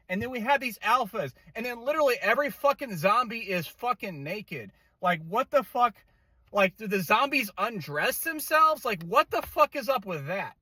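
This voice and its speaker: A man's voice: sits high, lively intonation, normal speed, bright, forceful tone, no room sound. A man giving an exasperated, profane movie rant, full of swearing, fillers and restarts. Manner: rambling with many fillers and restarts. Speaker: movie reviewer. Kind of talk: angry casual rant.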